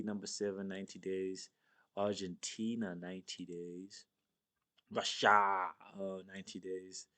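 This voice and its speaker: A young man from South Africa with a very low voice, hosting a solo show. He rambles casually, swears a lot and reads items off a list, stopping for asides. It sounds like an informal self-made stream. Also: fairly bright tone, smooth. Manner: loose, rambling, swears often, reads lists aloud. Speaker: podcast host.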